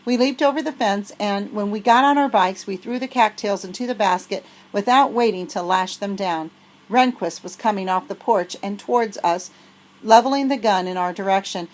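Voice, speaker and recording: Woman reader for a children's novel, lively storyteller. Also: mid-range voice, normal speed, rough recording. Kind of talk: reading a children's novel aloud.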